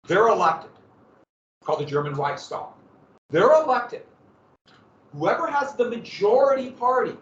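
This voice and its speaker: Animated American man lecturing in an echoey room. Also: sits high, a little hiss or hum. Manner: animated, asks questions and answers them. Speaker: history teacher. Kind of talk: classroom lecture. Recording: echoey room, distant mic, muffled.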